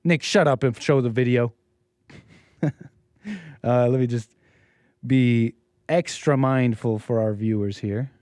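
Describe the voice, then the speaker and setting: A man's voice: mid-range voice, steady tone, slow pace, long pauses, darkish tone, no room sound, studio quality. A man hosting a live stream, commenting on a video in a rambling, sarcastic way with frequent restarts.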